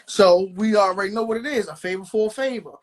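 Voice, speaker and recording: A man talking casually on a podcast, emphatic and drawn-out, often checking in with "you feel me". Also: sits high, poor audio. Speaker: podcast guest.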